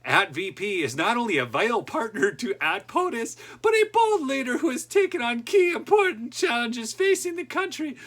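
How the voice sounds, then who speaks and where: A man's voice: very high-pitched, very animated, normal speed, few pauses, a bit bright. Sarcastic male political podcast host. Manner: sarcastic, with laughing asides. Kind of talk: opinion commentary reading news.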